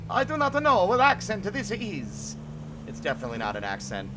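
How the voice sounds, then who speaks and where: Playful high-voiced man streaming a game. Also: huge pitch swings, brisk. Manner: playful, rambling, swearing, making up silly stories. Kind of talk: casual gameplay commentary. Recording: noisy with game car sounds.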